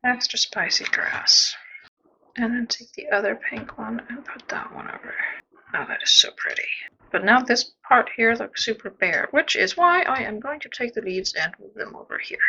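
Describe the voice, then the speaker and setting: A woman's voice: fairly high pitch, lively intonation, normal speed, vocal fry, sharp tone, breathy edge, muffled recording. A woman chatting casually as she plays a zoo-building game, talking to the animals, making playful sound effects and muttering half-whispered asides. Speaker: gameplay streamer building a zoo. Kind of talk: casual commentary while playing.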